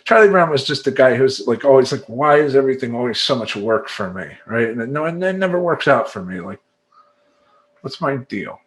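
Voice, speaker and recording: A man's voice: lowish voice, a bit bright, slight background noise. Rambling, emphatic male life coach. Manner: rambling, emphatic, acts out clients and sound effects. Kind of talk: casual monologue to camera.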